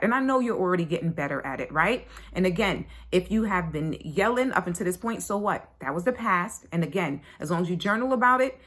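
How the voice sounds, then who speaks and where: A woman's voice: lowish voice, fairly bright tone. Chatty woman parenting coach, blunt and casual. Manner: chatty, frequent "right?" and "like", blunt swearing. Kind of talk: casual online course talk.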